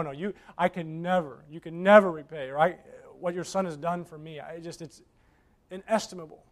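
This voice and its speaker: A male preacher telling a story in a sermon, swinging between loud bursts and near whispers and acting out the voices of the people in it. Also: on the high side. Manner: acts out voices in his stories.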